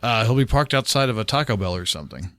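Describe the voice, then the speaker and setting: A man's voice: on the low side, animated, fast talker, sharp tone, dry recording. A man hosting a podcast, telling wry anecdotes in casual chat. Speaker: podcast host.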